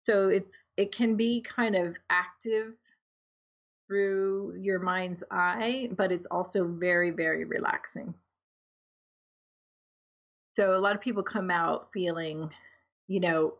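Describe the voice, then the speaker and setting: A woman's voice: on the low side, gravelly, highs cut off. A woman, an energy healer and guest, talking casually and laughing easily, with many ums and you-knows. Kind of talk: casual interview talk.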